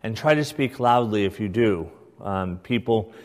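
Slow-speaking man teaching in a reverberant church. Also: fairly low pitch, lively intonation. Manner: measured, emphatic teaching with rhetorical "right?". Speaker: pastor teaching a class. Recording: long hall reverb.

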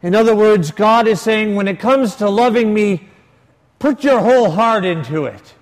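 High-voiced priest preaching in a reverberant hall. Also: male voice, moderate pace. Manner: storytelling with quoted dialogue, varied emphasis. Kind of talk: sermon. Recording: long reverb of a large hall.

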